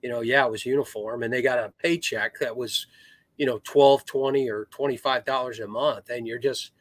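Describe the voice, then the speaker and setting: A middle-aged American man, a retired Marine officer, telling anecdotes as a podcast guest with lively swings in his voice. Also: mid-range voice, moderate pace, dry recording. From United States. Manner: animated storyteller, swings into raised voice.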